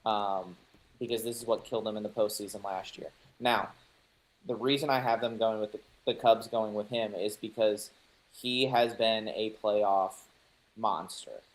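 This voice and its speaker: Opinionated low-voiced male podcast host. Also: fairly even intonation, normal speed, low-quality recording. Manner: confident, opinionated, joking. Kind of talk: casual sports chat.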